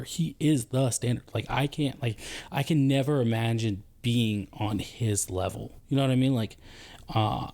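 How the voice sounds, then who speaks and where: A man from the United States, a former Army leader, talking on a podcast in a halting, reflective way, often searching for words. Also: medium pitch, darkish tone. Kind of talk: casual podcast conversation.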